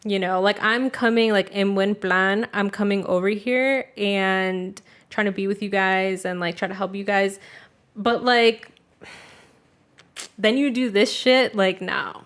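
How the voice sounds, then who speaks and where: A woman's voice: mid-range voice, steady tone, unhurried, a bit bright. A young woman co-hosting a podcast, telling a family story in a loose, casual way, full of 'like' and swearing. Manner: loose and profane, heavy use of 'like'. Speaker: podcast co-host.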